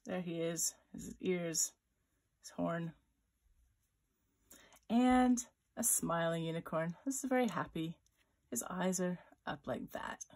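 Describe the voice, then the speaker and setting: A woman's voice: on the low side, takes it slowly, pauses often, darkish tone. A woman author-illustrator leading a children's drawing tutorial, thinking aloud as she sketches and chatting playfully. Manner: voices little sound effects for her drawings.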